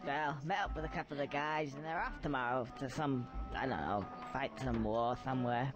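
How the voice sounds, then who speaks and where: A man's voice: mid-range voice, moderate pace, natural voice. An actor playing a cheeky young male squirrel who rambles through a story and mumbles groggily after drinking, in a video game. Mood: tipsy. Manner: chatty storyteller, slurring and groggy when drunk. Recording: game audio with music behind.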